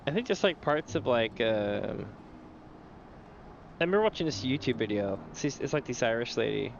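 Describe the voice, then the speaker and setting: A man's voice: medium pitch, lively intonation, moderate pace, gravelly, lo-fi sound, slight background noise. A man streaming a game, chatting casually with his viewers in a rambling way that is full of casual swearing. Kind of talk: casual gaming stream chat.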